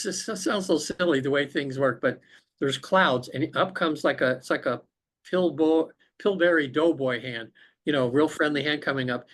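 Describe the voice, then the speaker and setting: Over a remote call, a podcast guest with a slightly high, fairly bright voice earnestly recounts a personal spiritual experience. His storytelling is sincere and reflective.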